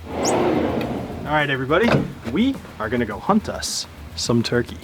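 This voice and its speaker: A man's voice: medium pitch, sing-song, unhurried, loud music behind the voice. A man putting on a whooping Southern turkey hunter. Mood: sneaky hunting. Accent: put-on Southern US. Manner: whispered stalking lines, then loud whoops. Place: outdoors in nature.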